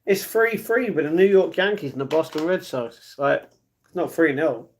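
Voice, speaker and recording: A man hosting a casual live stream, reading the chat, chatty and slangy, jumping between excited outbursts and muttered asides. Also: a little high, normal speed. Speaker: livestream host.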